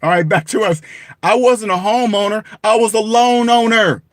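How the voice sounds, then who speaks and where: Blunt high-voiced man ranting to camera. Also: moderate pace, no echo, clean studio sound. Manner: emphatic, repetitive, swears for emphasis, laughs at himself. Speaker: personal finance vlogger. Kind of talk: blunt direct-to-camera rant.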